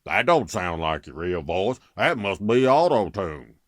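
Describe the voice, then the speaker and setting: A man voicing a skeptical, folksy male commenter who drawls loudly and talks ungrammatically. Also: low voice, very animated, unhurried, dry recording, studio quality, full character voice. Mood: mocking.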